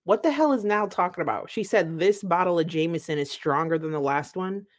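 A woman's voice: lowish voice, brisk. A woman hosting a live-stream reaction, talking in a chatty, emphatic way and laughing often.

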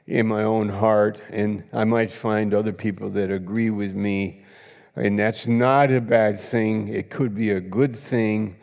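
A man preaching a sermon as pastor, swinging between emphatic bursts and soft, confiding drops. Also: on the low side, vocal fry. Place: church sanctuary. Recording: long church hall reverb.

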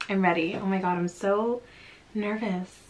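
A young woman vlogger talking casually as she reacts, gushing and excitable, sometimes breaking into laughing shrieks. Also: medium pitch, normal speed, noisy background.

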